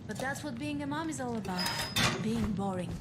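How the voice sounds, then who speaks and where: Game cutscene: actress as a soft-spoken young mother soothing her child, over a heavy noise bed. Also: a little high, expressive, normal speed, lightly acted. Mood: tender. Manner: soft-spoken, gentle and reassuring. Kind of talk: video game cutscene dialogue. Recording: game audio under loud ambient noise.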